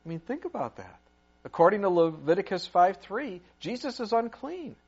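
A man preaching a sermon, retelling a story with lively asides and acted-out voices. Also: high voice, moderate pace, slightly rough. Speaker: pastor. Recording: muffled lo-fi recording.

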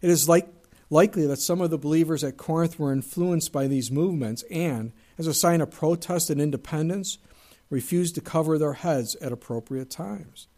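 A man's voice: on the high side, normal speed, a little mellow. Man preaching a casual, chatty sermon. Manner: conversational preaching with asides and humor. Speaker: pastor.

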